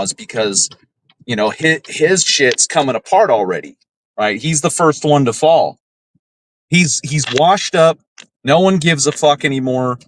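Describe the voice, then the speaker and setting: A man's voice: medium pitch, a bit bright, no room sound. Profane ranting man. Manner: heated, swears a lot, keeps asking "right?". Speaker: podcast host. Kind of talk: casual profane rant.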